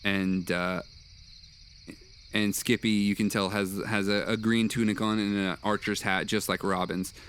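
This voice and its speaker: Man narrating as game master, halting. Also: on the low side, level tone, fairly bright tone, a little hiss or hum. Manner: halting, with many uh and restarts.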